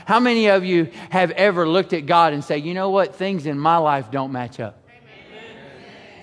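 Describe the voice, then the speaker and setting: A man preaching a sermon, animated, shouting some lines and drawing others out slowly. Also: high-pitched, in a large hall. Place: church sanctuary.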